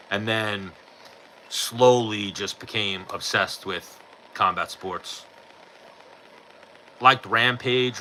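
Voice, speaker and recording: Blunt, sharp-voiced New guy. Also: mid-range voice, a little hiss or hum, poor audio. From New York. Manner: blunt, profane, offhand. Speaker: podcast host answering live chat. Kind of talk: casual chat.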